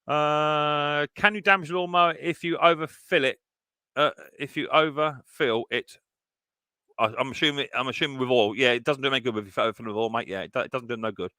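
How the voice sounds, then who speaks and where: A man's voice: mid-range voice, fast, bright, forceful tone, clear, resonant tone, no echo, clean studio sound. A man hosting a casual live stream chat, greeting viewers one by one and reading their messages aloud.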